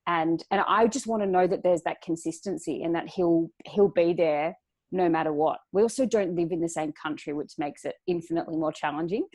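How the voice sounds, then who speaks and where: A woman's voice: on the low side, fairly quick, a little mellow. A woman guest on a podcast, talking earnestly and reflectively with frequent restarts. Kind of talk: casual chat.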